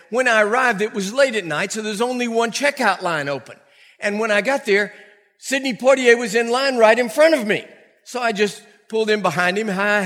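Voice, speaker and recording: An older man preaching to a congregation in a church, telling a funny story in an animated way and laughing often. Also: high-pitched. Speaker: pastor. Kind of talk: storytelling sermon. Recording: long reverb from a large church hall.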